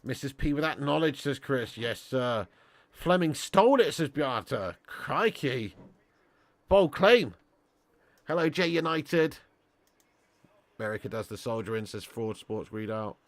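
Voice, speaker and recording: On a live-stream football watch-along, a man reads viewer super chats aloud, full of banter, joking boasts and frequent laughter. His mid-range voice has lively intonation, though he's a little slow with long pauses, and there's no echo.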